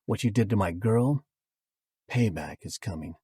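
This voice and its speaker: Narrator voicing a menacing stranger with a grudge; low, husky, dry storybook read. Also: male voice, expressive, moderate pace, warm tone, no room sound. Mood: threatening. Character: menacing man vowing revenge.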